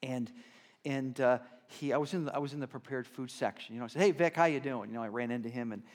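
A man's voice: medium pitch, fast. Conversational male pastor preaching. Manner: conversational storytelling, swings between loud and soft. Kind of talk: sermon.

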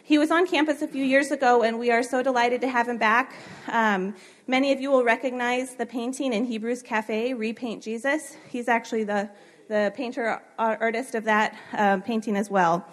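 A woman's voice: on the high side, steady tone, moderate pace. A woman introducing the chapel speaker, reading his background with fillers. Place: college chapel.

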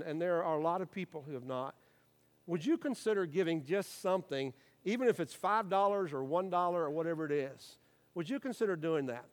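Middle-aged male pastor, earnest sermon delivery, slightly higher register. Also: lively intonation, brisk. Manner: earnest, encouraging, with frequent uh fillers and restarts.

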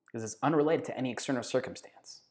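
Male preacher, sermon, earnest, emphatic, drawn-out hushed phrases. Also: medium pitch. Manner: earnest, emphatic, slows down and drops to a hush on key phrases.

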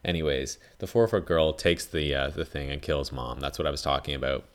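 A man with a deep, low voice talks through a film in a loose, rambling monologue. He leans on "like" constantly and swears freely as he goes. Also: brisk. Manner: rambling, heavy use of "like", frequent swearing. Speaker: podcast host. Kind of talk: casual film review monologue.

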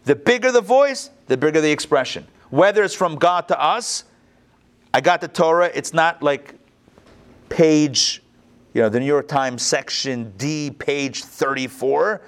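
Animated man teaching a text class. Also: a little high, a little slow, clean tone. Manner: conversational, animated, with restarts and asides. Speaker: Torah teacher.

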